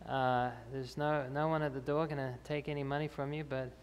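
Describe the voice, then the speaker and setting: A man's voice: medium pitch, little pitch movement, brisk, a little hiss or hum. A man answering health questions after a talk in a church hall, explaining with fillers and restarts. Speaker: health speaker. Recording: reverberant church hall, faint ambience.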